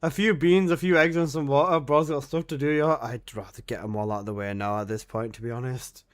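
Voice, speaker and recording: A man's voice: medium pitch, steady tone, brisk. A young man streaming live and chatting to his viewers, exclaiming, swearing often and breaking into laughter.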